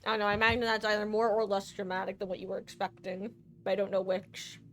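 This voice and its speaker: A woman streaming a game live, giving chatty, playful commentary with quick asides. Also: medium pitch, completely flat delivery, fairly bright tone.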